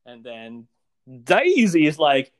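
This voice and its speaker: A man in casual chat recapping a TV episode, animated, acting out the characters' lines and laughing often. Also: on the high side, takes it slowly, no echo. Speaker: podcast co-host recapping a TV episode.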